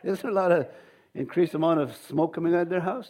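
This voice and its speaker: Male pastor, conversational sermon, slightly high voice, acts out voices. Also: fast talker, a little mellow. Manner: conversational preaching, acts out quoted voices, repeats words.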